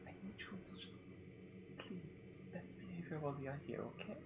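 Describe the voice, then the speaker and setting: A man voicing a gentle young noble heir. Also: fairly high pitch, fast, vocal fry, heavy background noise. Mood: reassuring. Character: young man, a noble heir who runs a company; earnest and patient. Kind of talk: in-character tabletop role-play.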